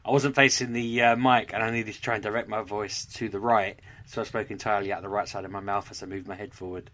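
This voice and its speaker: A man's voice: on the low side, steady tone, quick pace, fairly bright tone. A man co-hosting a casual podcast chat, joking and laughing easily. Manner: laughing, jokey. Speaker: podcast co-host.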